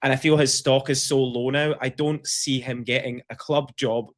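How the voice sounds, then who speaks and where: A Scottish man chatting as a podcast co-host. His talk is animated and jokey, and it is peppered with swearing. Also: mid-range voice, normal speed. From Scotland. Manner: animated, joking, swears freely. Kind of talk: casual chat.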